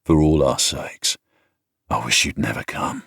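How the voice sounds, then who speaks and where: Man reading an audiobook, super deep and husky, dry close sound. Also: a little slow, dry recording. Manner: quiet, restrained. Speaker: narrator. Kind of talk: scripted first-person audiobook narration.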